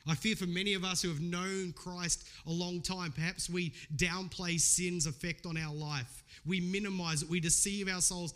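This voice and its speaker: A man's voice: sits high, steady tone, normal speed, few pauses, fairly bright tone. A middle-aged man preaching a sermon as a pastor, earnest and conversational, weaving in personal stories.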